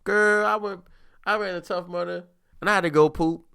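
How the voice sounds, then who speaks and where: A man's voice: sits high, fairly even intonation, normal speed, gravelly, sharp tone, smooth, voice pushed up, full character voice. A man voicing an annoyed young woman who gossips to a friend in a sassy, indignant, profane way.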